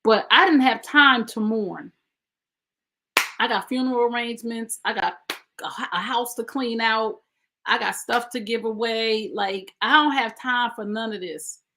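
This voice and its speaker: A woman's voice: a little high, measured pace, pushed and bright, a little hiss or hum. Woman, podcast host, emphatic, conversational, personal storytelling. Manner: emphatic, conversational, speaking straight to listeners.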